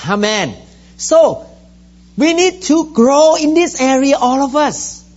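Man, middle-aged, pastor; high voice, emphatic repetitive sermon, dull lo-fi recording. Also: lively intonation, takes it slowly, darkish tone. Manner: emphatic, repetitive preaching with scripture reading.

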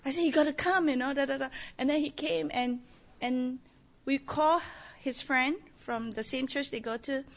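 Woman telling an animated testimony. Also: high-pitched, moderate pace, highs cut off. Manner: animated storytelling, acts out quotes. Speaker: church member giving testimony.

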